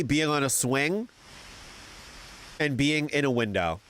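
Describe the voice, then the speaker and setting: A man streaming a story game, chatting casually with viewers and reacting excitably, laughing and swearing. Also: mid-range voice, slow, long pauses, clean tone. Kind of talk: casual gaming stream chat.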